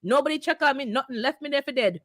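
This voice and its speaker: A woman's voice: high-pitched, fast talker, a bit bright, dry recording, studio quality. A woman hosting a casual chat, telling stories animatedly and acting out her phone calls. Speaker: channel host.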